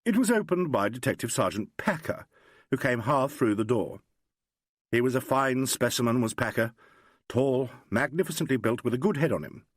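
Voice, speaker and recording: A man narrating a crime novel audiobook in a measured, expressive reading. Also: medium pitch, breathy edge, no room sound, studio quality. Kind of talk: scripted narration.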